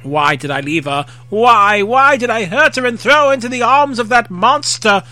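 Male reader as a tormented young lover, pleading and loud, bright tone. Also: very high-pitched, lively intonation, moderate pace, faint music behind, pitched above the performer's own voice, heavily acted. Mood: despairing. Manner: raised, pleading cries. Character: anguished young man, lovesick and guilty.

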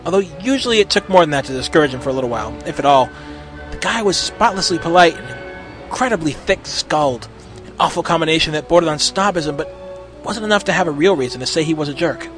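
A man reads a story aloud with an expressive, steady delivery, his voice sitting a little high. Faint music plays quietly underneath. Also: fast talker. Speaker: narrator. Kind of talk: storybook reading of fan fiction.

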